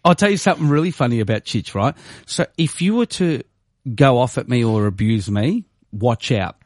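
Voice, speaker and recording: A man's voice: medium pitch, moderate pace, no echo. Man on air, dry studio sound. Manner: animated, swings into quoted voices, laughs easily. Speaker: radio host. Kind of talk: casual storytelling chat. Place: radio studio.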